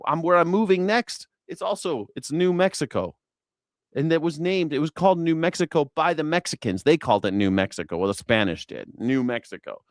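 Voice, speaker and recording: A man's voice: a little high, expressive, brisk, dry recording, clean studio sound. A man hosting a news reaction stream, talking casually and sarcastically over clips, swearing freely.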